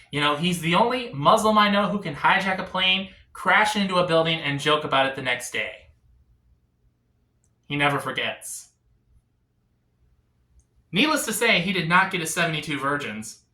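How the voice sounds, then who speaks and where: Bright, lively stand-up comic in echoey room. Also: male voice, a little high. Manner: confessional, deadpan setups with sudden swings. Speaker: stand-up comedian. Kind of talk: stand-up comedy set.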